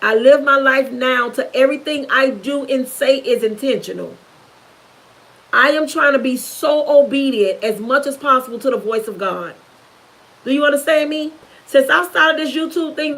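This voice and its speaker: A woman's voice: high-pitched, fairly bright tone, rough recording. A middle-aged woman, giving a fervent, preachy testimony on a livestream, repeating herself for emphasis. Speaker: YouTuber.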